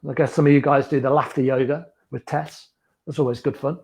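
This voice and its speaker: A man leading a beginners yoga class with gentle, encouraging step-by-step cues, teaching from a small room at home. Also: medium pitch, fairly even intonation, fairly quick. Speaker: yoga instructor.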